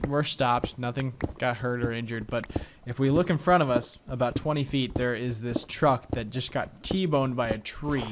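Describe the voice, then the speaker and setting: While playing a video game, a young man with a medium-pitched voice gives casual commentary that wanders into rambling, filler-heavy stories. He's a let's play commentator, recorded at home with noticeable background noise and clicking.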